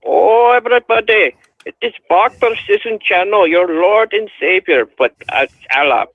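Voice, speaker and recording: A man's voice: high-pitched, animated, normal speed, no room sound. A man doing a bragging, over-the-top parody. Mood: mocking. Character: boastful mocking impression of a male online commentator. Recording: dull lo-fi voicemail.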